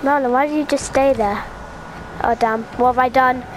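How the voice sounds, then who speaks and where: Very high, excitable gaming commentator. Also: female voice, moderate pace, slight background noise. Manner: excitable, yelling at teammates. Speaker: gaming channel host. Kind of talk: live gameplay commentary.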